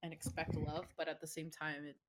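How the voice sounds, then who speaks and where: A woman's voice: low voice, monotone, brisk, a little hiss or hum. A young woman co-hosting a casual podcast, teasing and thoughtful in turn. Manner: teasing, thoughtful, laughs often. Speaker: podcast co-host.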